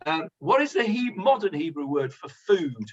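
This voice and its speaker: Rabbi teaching class over muffled audio. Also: male voice, fairly high pitch, big pitch swings, normal speed, husky. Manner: hesitant, many fillers, asks class questions. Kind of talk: conversational Bible class. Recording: dull lo-fi sound.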